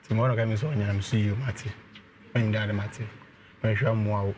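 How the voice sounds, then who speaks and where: A man calling in to tell a personal problem, speaking in a slow, halting way. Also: fairly low pitch, fairly even intonation, background noise. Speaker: caller.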